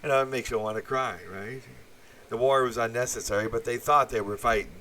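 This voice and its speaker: A man's voice: mid-range voice, steady tone, fairly quick, sharp tone, a little hiss or hum. A man giving a blunt, profane, meandering opinion monologue full of fillers. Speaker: channel host.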